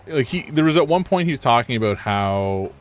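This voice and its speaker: A man streaming a video game, chatting and joking as he thinks out loud about his choices. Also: medium pitch, animated, a little fast. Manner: chatty, joking, thinks aloud while playing. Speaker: gaming streamer. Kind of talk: casual live gameplay commentary.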